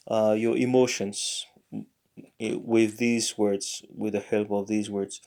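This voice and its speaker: A man's voice: medium pitch, dark tone, clear, resonant tone. A man teaching a language lesson, hesitant, with many fillers and self-corrections. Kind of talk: casual spoken lesson, reading examples aloud.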